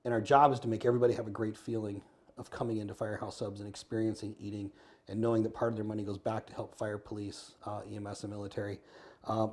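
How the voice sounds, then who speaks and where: An American man telling a story in an interview, earnest and quick, acting out the lines of the people in it. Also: fairly low pitch, level tone, darkish tone. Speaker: podcast guest.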